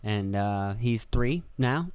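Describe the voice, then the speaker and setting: A man's voice: on the low side, expressive, slow, a little mellow, clear, resonant tone, no echo. A young man hosting a casual solo podcast, rambling and swearing, laughing at himself and acting out quoted voices. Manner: rambling, profane, self-deprecating, acts out quotes. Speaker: podcast host. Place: indoor room with video camera.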